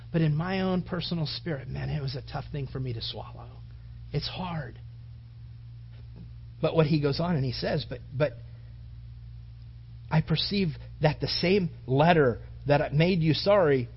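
Earnest high-voiced male pastor preaching. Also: husky, highs cut off. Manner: earnest, emotional, conversational preaching with many restarts. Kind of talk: sermon.

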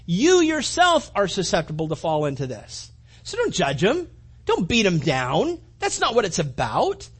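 A man preaching a conversational sermon, animated and full of restarts and acted-out asides. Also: very high-pitched, slightly rough. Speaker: pastor.

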